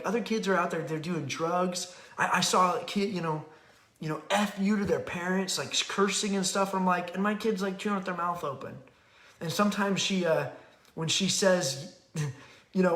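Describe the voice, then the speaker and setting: A man's voice: fairly high pitch, fairly bright tone. A middle-aged man hosting a parenting show, talking in a candid, rambling way and acting out little quotes. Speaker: podcast host and parenting author. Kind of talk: casual rambling talk. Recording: echoey room.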